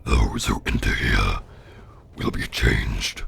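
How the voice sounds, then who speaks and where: A man imitating a sinister male cult leader from a game intro, in a very deep, gravelly, slow drawl. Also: fairly bright tone, heavily acted. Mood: ominous.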